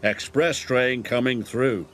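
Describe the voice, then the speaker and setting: A man's voice: mid-range voice, fairly even intonation, takes it slowly, slight background noise. A man voicing a big, proud male express steam engine who talks in a boastful, haughty way. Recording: loud background music.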